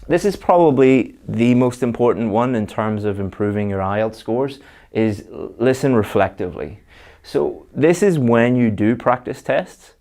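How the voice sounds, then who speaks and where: Low-voiced man tutoring exam English. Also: darkish tone. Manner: conversational, uses fillers and repeats words. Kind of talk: spoken lesson.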